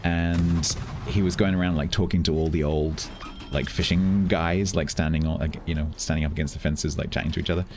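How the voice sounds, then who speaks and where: Very deep-voiced man patiently coaching a game. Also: fairly even intonation, fairly quick, darkish tone, soft background music. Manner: patient, explains step by step with lots of "like". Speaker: streamer teaching a new player. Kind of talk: casual explanatory game coaching.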